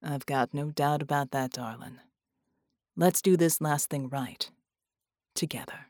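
A woman voicing a determined hero man who talks in low, clipped phrases and calls his wife darlin'. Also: a little slow, a little mellow, dry recording, studio quality. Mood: grim.

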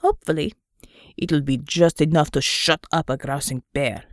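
A woman's voice: low voice, fairly even intonation, moderate pace, no echo, pitched below the performer's own voice, close to an everyday voice. A woman doing a weary, dry male leader. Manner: dry, exasperated.

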